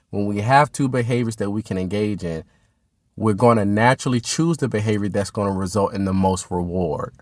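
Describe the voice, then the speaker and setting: A man hosting a parenting show, calmly explaining behavior strategies and speaking straight to parents. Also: fairly low pitch, dry recording, studio quality. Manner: calm, instructive, addresses parents directly. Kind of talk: direct-to-camera parenting advice.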